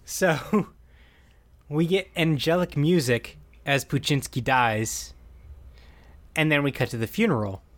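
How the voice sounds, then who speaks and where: A man's voice: fairly high pitch, takes it slowly, pauses often. A man co-hosting a casual podcast, animatedly retelling a film's plot, acting out quoted lines and laughing often. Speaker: podcast co-host recapping a film. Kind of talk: casual chat.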